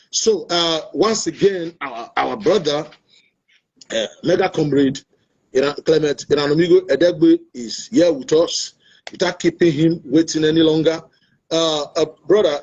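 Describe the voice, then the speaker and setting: Earnest and preachy, a Nigerian talk-show host delivers an opinionated monologue online, going over his points again and again. His voice is fairly high and darkish with a breathy edge, at a normal speed, and the stream audio sounds dull and lo-fi.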